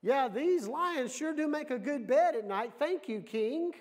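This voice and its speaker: A man's voice: very high-pitched, expressive, a little slow, pitched above the performer's own voice. A man preaching, speaking as a prophet who casually thanks the king after a night with lions. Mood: easygoing. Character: calm man at ease among lions.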